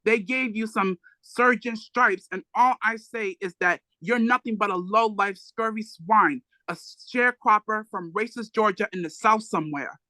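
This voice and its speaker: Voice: mid-range voice, moderate pace, hardly any pauses, sharp tone, no echo, pitched above the performer's own voice, natural voice, rough recording. A reader voicing a defiant young male activist who taunts and insists.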